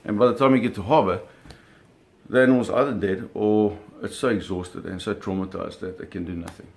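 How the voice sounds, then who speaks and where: Lower-voiced man telling a vivid anecdote. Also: fairly even intonation, fairly quick. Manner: vivid storytelling with gestures and sound effects; frequent self-corrections and repeated words. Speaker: storyteller recalling shark hunting. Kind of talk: casual spoken anecdote.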